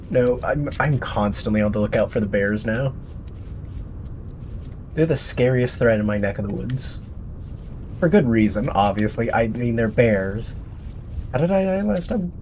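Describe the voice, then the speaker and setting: A man's voice: medium pitch, normal speed, pauses often, a little mellow, slight background noise. Man musing aloud while playing. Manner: rambling, talks to himself and chat. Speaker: streamer. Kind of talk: casual gameplay commentary.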